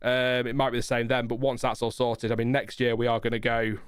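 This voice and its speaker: A man's voice: medium pitch, level tone, fairly quick, clean tone, no echo, studio quality. A man hosting a casual live watchalong, rambling and chatty with lots of fillers and laughs. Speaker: livestream host.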